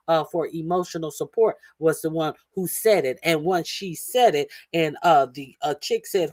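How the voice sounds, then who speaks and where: A woman's voice: lowish voice, no echo. Angry, cursing woman commentator, very dry sound. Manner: angry, cursing, many filler "uh"s. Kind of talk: heated commentary over a clip.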